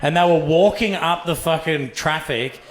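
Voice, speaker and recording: A man's voice: fairly high pitch, normal speed, a little hiss or hum. Brash Australian man doing stand-up. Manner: profane, animated storytelling with acted-out voices. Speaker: stand-up comedian. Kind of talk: stand-up comedy set. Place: comedy club stage with laughing audience. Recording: roomy club sound.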